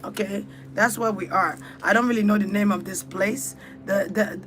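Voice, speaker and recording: A woman's voice: medium pitch, steady tone, normal speed, a bit bright, faint music behind. A woman leading a spiritual ritual talk, urging listeners on in fervent, repetitive, chant-like phrases. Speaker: spiritual speaker.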